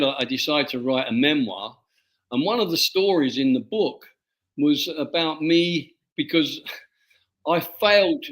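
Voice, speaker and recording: A man, an author being interviewed, telling a personal story in a halting way and often repeating his words. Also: medium pitch, fairly bright tone, rough recording. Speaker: author guest.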